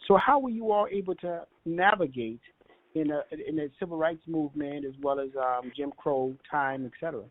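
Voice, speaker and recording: A man hosting an interview who asks his questions haltingly, with many "um"s and "uh"s. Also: fairly high pitch, dry recording. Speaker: host. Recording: tinny phone-like sound.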